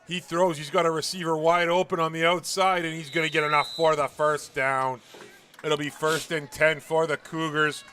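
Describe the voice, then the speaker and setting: An excitable Canadian man calls football play-by-play from an outdoor field. His voice is bright and sharp, sitting a little high, and it jumps up whenever a big play breaks open. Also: moderate pace. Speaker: play-by-play commentator. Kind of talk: live sports play-by-play.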